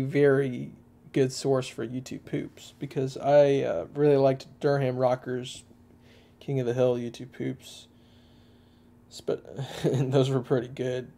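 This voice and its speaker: A man's voice: medium pitch, vocal fry, dark tone. A young man from Texas with a Texan accent, rambling through casual livestream chat with lots of fillers and restarts. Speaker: livestream host.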